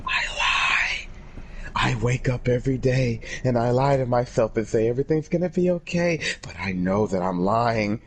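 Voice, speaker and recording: A man's voice: medium pitch, moderate pace, a little hiss or hum, lightly acted. A man doing a falsely cheerful man hiding despair. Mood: forced cheer.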